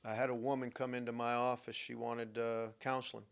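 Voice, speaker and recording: Older New man, talk-show host, punchy storytelling that drops quiet then booms. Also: flat delivery, fairly quick, gravelly, clean tone. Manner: emphatic storytelling, swings from hushed to loud. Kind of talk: radio-style talk monologue.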